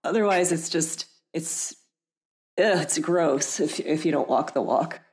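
A woman with a low, darkish voice speaks a little slowly as a podcast guest; she runs her own aromatherapy business. The interview is a casual chat, and she laughs a lot and often trails off mid-sentence.

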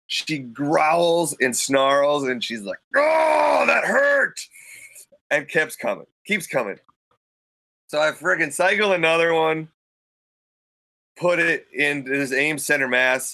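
A man's voice: medium pitch, pushed and bright, no room sound, poor audio. A man in casual conversation, telling a story vividly and acting out quoted thoughts with a raised voice into a studio microphone. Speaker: podcast guest telling a hunting story.

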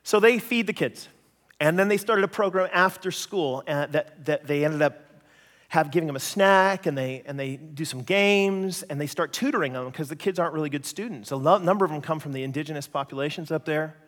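A Canadian man preaching a sermon, an animated storyteller who acts out voices and jokes at his own expense. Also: on the high side, fairly quick, long reverb tail. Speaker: pastor.

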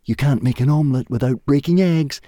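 A man voicing a cheerful, eager caveman inventor in a storybook reading, lifting his voice into a bright, chirpy tone. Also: medium pitch, a little fast, dry recording, studio quality, voice pushed up, natural voice.

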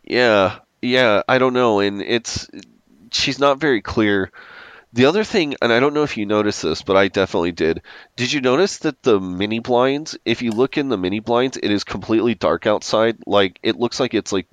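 A man's voice: on the low side, expressive, normal speed, clear, resonant tone, dry recording. A man co-hosting a podcast, chatting enthusiastically about a TV episode and rambling with frequent restarts. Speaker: podcast co-host. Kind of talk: casual chat recapping a TV episode.

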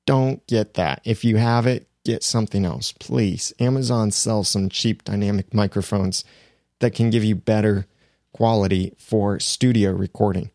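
A man explaining podcast recording in a relaxed, conversational teaching manner, close to a studio microphone. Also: on the low side, a little slow, no echo. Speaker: podcasting instructor. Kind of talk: instructional explainer. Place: small home studio room.

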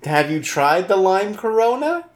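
A man's voice: sits high, very animated, a little slow. Joking man on a podcast. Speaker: podcast co-host. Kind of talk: casual chat.

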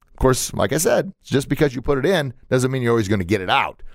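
A man's voice: big pitch swings, quick pace, vocal fry, dry recording, studio quality. Emphatic man hosting a motivational podcast. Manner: emphatic, repetitive, folksy preaching with pitch leaps. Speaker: podcast host.

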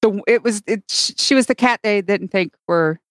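A woman's voice: medium pitch, moderate pace, no echo, clean studio sound. Chatty woman podcast co-host, rambling. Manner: rambling storyteller, acts out quotes. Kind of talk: casual chat.

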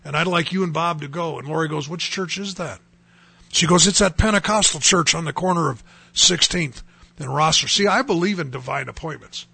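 A man's voice: fairly high pitch, fairly quick, gravelly, sharp tone, breathy edge, dry recording. A man from North Dakota telling his personal testimony in an earnest storytelling way that rises to emphatic bursts. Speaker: testimony speaker.

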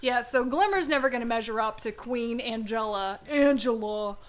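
A woman co-hosting a casual podcast chat, excitable and prone to giggling. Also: on the high side, moderate pace. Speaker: podcast co-host.

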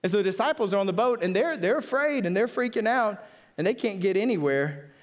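A man preaching an impassioned sermon in a fairly high voice. He repeats phrases for emphasis and asks the listeners questions directly. His delivery climbs to excited, high peaks. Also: a little fast. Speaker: pastor.

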